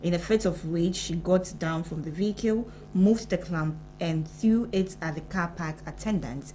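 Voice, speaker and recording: Low-voiced woman news co-host. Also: darkish tone, slight background noise, poor audio. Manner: brisk, reading a press release. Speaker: morning show co-host. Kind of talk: news review on live TV. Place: TV studio.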